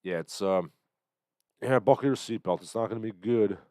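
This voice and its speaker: A man hosting a livestream, commenting on the news in a sardonic, halting way with lots of fillers, still getting over an illness. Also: fairly low pitch, a little mellow, no echo. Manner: sardonic, hesitant with many fillers. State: recovering from illness, coughing. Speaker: livestream host.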